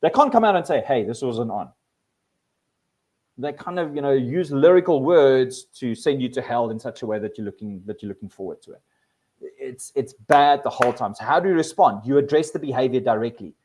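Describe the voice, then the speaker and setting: Male presenter, animated workshop delivery, restarts and repeats words. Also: mid-range voice, fairly quick. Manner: animated, acts out quoted people with voice changes. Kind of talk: live workshop talk.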